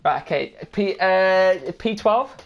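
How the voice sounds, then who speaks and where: A woman hosting a live online race league, talking in a brisk, chatty way and sorting out the starting grid. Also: mid-range voice, animated, lo-fi sound. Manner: brisk, chatty, easily amused. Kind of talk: live-stream race admin chat.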